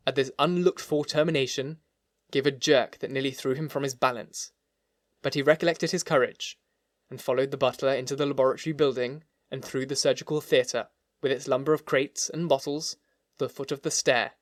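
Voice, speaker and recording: A man reading a classic novel aloud as an audiobook narrator, with measured, expressive storytelling. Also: mid-range voice, no echo, clean studio sound. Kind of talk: scripted narration.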